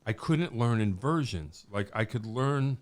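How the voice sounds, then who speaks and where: A man's voice: mid-range voice, lively intonation, a little slow. A man hosting a podcast, chatting casually and telling stories with dry, self-mocking jokes. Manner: dry, joking self-deprecation. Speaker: podcast host.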